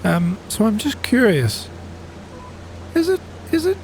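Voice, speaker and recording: A middle-aged Northern Irish man with a softened accent, chatting casually and thinking aloud with plenty of ums as he commentates his own farming game. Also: high voice, wildly swooping pitch, takes it slowly, a little hiss or hum. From Northern Ireland. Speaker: gaming channel host.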